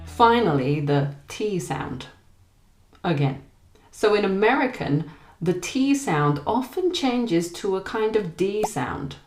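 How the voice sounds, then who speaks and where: A British woman with a southern English accent, teaching pronunciation in a clear, deliberate way. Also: medium pitch, lively intonation, darkish tone, faint music behind. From Britain. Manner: clear, deliberate, contrasts words slowly. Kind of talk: scripted pronunciation lesson. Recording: echoey room.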